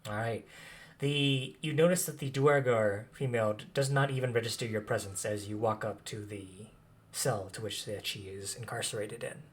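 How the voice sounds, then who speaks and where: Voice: medium pitch, steady tone, normal speed. A game master narrating a tabletop game, describing scenes patiently and explaining what the players know.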